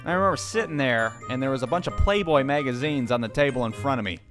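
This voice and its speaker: A man delivering a comic storytelling monologue in a profane, exasperated, animated way. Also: medium pitch, quick pace, over music. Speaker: stand-up comedian.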